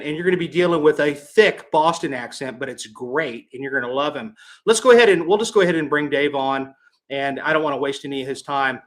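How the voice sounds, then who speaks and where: A man's voice: fairly high pitch, a bit bright. A middle-aged man hosting a livestream podcast, chatting straight to viewers in an upbeat way and repeating himself for emphasis. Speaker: podcast host.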